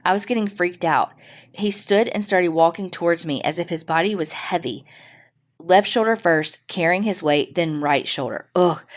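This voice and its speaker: A woman podcast host reading a listener's true ghost story aloud, with dramatic storytelling that slows down for the suspenseful beats. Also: fairly low pitch.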